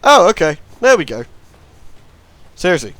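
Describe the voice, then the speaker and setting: A man's voice: sits high, big pitch swings, moderate pace, a bit bright. Sarcastic man doing game commentary. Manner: sarcastic, rambling. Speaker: let's play host. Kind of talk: gameplay commentary.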